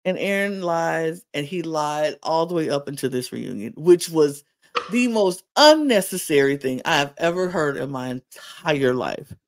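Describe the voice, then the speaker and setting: A podcast co-host giving a casual reality-TV recap. The speaker sounds incredulous and animated and repeats lines for emphasis. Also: medium pitch, moderate pace, no echo.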